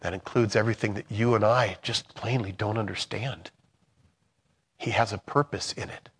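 A man preaching a sermon in a conversational way, swinging from loud emphatic bursts to soft, hushed lines. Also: on the low side, steady tone, moderate pace, husky.

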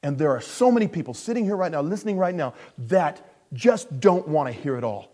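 Pastor guy preaching, kinda high voice, goes loud then real quiet, does voices for the people he quotes. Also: fairly quick. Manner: animated, swinging from loud emphasis to hushed asides. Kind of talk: sermon.

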